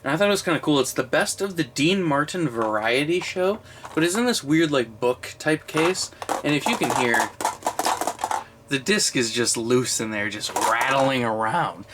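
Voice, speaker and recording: A man in his twenties chatting casually on camera about his movie collection, a little drunk and slurring, rambling and swearing with excitable bursts. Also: mid-range voice, normal speed, background noise. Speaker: collection vlogger. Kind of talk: casual unscripted video review.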